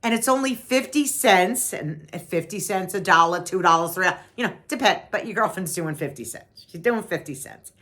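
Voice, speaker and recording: A woman's voice: fairly low pitch, expressive, normal speed, hardly any pauses, a bit bright. An older woman with a New York accent, from Long Island, telling a casual story in a chatty voice. She repeats herself often. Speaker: vlogger.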